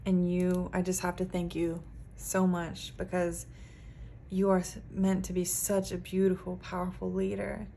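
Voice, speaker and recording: Lady psychic reading tarot, low-ish voice, earnest and pumped up, says like a lot. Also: monotone, measured pace, creaky, warm tone, a little hiss or hum. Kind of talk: pick-a-card tarot reading to camera.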